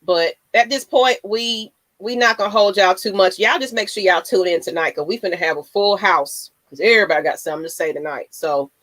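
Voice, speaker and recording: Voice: mid-range voice, a little fast, hardly any pauses, fairly bright tone. A laid-back sports talk host speaking casually to an online audience. The sound is dry and close, with no room echo. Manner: laid-back, addresses viewers directly.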